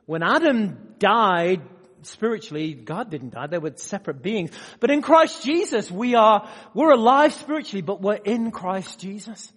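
Animated preacher with a high, lively voice. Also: male voice, measured pace, husky. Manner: animated, swings from loud emphatic bursts to quiet asides; asks the audience direct questions. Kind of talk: sermon. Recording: long hall reverb.

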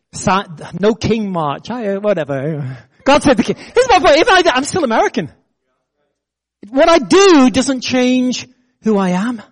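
A middle-aged man with a British accent preaches with a fairly high, bright-edged voice. He jumps from quick, punchy jokes to slower, weighty lines. He keeps a lively, conversational pulpit manner. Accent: British English. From Britain. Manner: animated preaching with self-deprecating jokes and laughter. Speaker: pastor. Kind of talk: sermon.

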